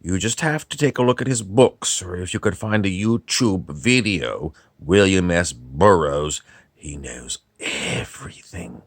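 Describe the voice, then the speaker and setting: A man's voice: sits low, lively intonation, no echo, clean studio sound, exaggerated voice. A man doing a rambling old novelist. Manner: rambling, halting, apologetic, self-interrupting. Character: rambling older male British novelist. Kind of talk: comic impression monologue.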